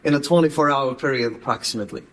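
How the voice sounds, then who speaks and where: A man's voice: mid-range voice, rapid-fire, a bit bright, close to an everyday voice. Man acting out a wise old rabbi, mild, questioning, encouraging. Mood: gentle. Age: older.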